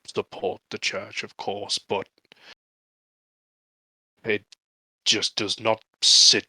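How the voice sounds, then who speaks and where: Low, slow-talking man playing an orc. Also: flat delivery, sharp tone, no echo, poor audio. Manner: halting, earnest delivery with frequent laughter. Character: earnest male orc, proud and restless. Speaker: player. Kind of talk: in-character tabletop role-play.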